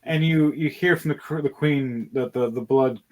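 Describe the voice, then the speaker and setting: A young man narrating a tabletop game as game master, swearing freely and excitedly restarting his sentences. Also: medium pitch, moderate pace.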